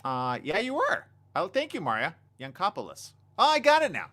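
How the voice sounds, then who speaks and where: A man hosting a casual live stream on a desk mic, reading viewer comments and chatting excitably. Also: sits high, moderate pace. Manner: animated, excitable, reads viewer comments aloud. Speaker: livestream host. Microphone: desk condenser mic.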